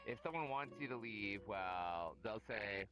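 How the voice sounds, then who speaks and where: A man's voice: lowish voice, animated, unhurried, pushed and bright, soft background music, poor audio. A man chatting casually on a podcast, musing aloud and teasing the others.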